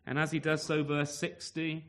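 Tag-questioning male preacher, slightly high voice. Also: monotone, normal speed. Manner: conversational, full of rhetorical tag questions; restarts and stumbles while reaching for words. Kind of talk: sermon.

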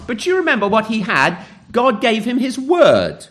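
Emphatic preacher, lively pitch. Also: male voice. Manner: emphatic, earnest, with dramatic pauses. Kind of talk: sermon.

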